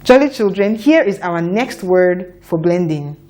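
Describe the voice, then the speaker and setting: A woman teaching a children's phonics lesson, sounding out letters and words slowly for young learners to repeat. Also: lowish voice, lively intonation, mellow. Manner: slow, deliberate, repeats sounds for children to echo.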